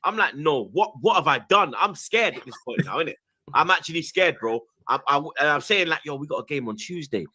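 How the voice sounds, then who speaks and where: A young man with a London accent tells a story with big swings in pitch. His voice is bright and forward. He talks in slang and acts out what each person said. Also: brisk, husky. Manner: lively, slang-heavy, acts out quoted voices. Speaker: guest. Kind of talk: animated storytelling.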